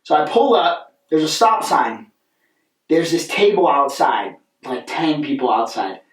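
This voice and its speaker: A young man co-hosting a podcast, telling a rambling, animated story in casual chat and often asking "right?". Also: fairly high pitch, a little slow. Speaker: podcast co-host. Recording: echoey room, mic at a distance.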